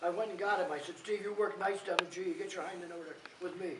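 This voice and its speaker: A man's voice: high-pitched, fairly even intonation, fast. An older man, a retiring school coach, telling blunt, chuckling stories at a gathering. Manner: blunt, chuckling, rambling anecdotes. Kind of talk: casual storytelling at a gathering. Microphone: far from the mic. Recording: echoey, distant, noisy hall.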